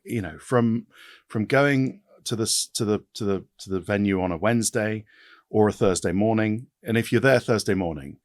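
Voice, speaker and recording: A man in his fifties, a podcast guest, talking in an animated way with quick restarts and repetitions. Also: on the low side, dry recording, studio quality. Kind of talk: casual interview chat.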